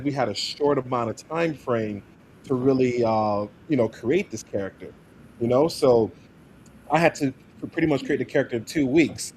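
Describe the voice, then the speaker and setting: A man, an actor, speaking as a guest in a casual podcast interview, animated and laughing as he talks. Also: medium pitch, a little hiss or hum. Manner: animated, laughs while talking.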